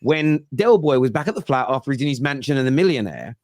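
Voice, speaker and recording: A man co-hosting a football fan debate, calmly building a counterargument from examples. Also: medium pitch, dry recording, clean studio sound. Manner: measured, building an argument with examples. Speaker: co-host.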